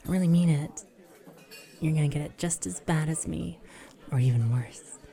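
A young adult woman in a whispered role-play, talking in flustered, breathy whispers and teasing asides. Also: low voice, normal speed, mellow.

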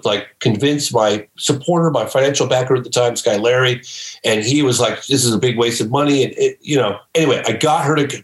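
A man who is a filmmaker guest on a podcast, telling stories emphatically and breaking into excited shouts. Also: medium pitch, roomy sound, poor audio. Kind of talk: animated storytelling in a podcast interview.

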